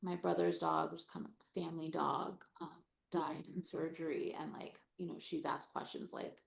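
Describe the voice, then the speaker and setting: Soft-spoken woman with heavy vocal fry. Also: sits low, level tone. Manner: soft, halting, trails into whispers. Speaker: panelist, parent living with cancer. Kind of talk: panel discussion.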